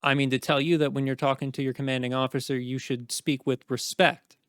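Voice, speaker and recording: A man's voice: medium pitch, little pitch movement, fairly quick, fairly bright tone, smooth, no echo, clean studio sound, lightly acted. A man voicing a stern, intimidating knight commander who talks down to a subordinate in a cold, threatening way. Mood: stern, menacing.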